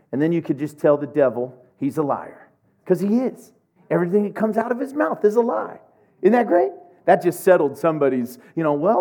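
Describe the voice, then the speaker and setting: A middle-aged man from Oklahoma preaching a sermon, telling humorous, animated stories. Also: on the high side. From Oklahoma, USA. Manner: humorous, animated storytelling with laughs.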